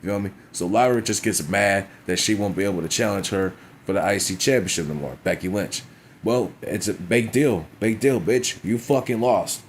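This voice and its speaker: A man's voice: low voice, a little hiss or hum. A man reviewing a wrestling show in a blunt, profane casual rant, often asking "you know what I'm saying".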